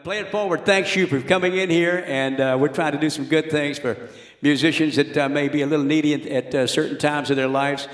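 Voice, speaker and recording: Male comedian, casual chat, relaxed, fillers, slightly high voice. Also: fairly quick, roomy sound. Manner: chatty and relaxed, with small fillers. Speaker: radio comedian guest. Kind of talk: casual talk to a live audience.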